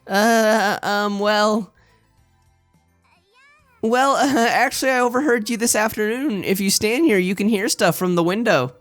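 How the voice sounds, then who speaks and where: A man's voice: sits high, a little slow, fairly bright tone, no echo, faint music behind, pitched above the performer's own voice. A man voicing a bold, blunt young woman, reading game dialogue aloud in a forthright, slightly teasing way. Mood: sheepish.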